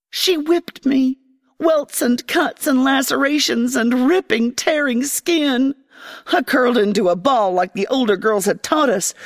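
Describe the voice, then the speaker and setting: A woman narrating a first-person fantasy story in an expressive, dramatic way. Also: high voice, in a large hall. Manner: expressive, dramatic, voicing a young girl.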